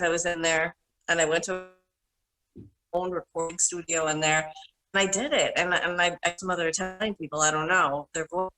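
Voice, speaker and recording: A middle-aged woman with a bright, forceful voice that sits a little low. She tells long, animated stories as a panel guest, often correcting herself mid-sentence. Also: poor audio. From Minnesota. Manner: rambling, self-correcting, animated anecdotes. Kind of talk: casual storytelling.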